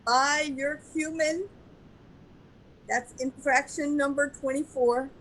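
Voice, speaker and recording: Woman doing an angel instructor, kinda stern, rambly, high voice. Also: fairly even intonation, slow, fairly bright tone. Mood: scolding. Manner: rambling, meandering explanations. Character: heavenly angel instructor, patient but stern. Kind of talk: improv comedy scene. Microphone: video call.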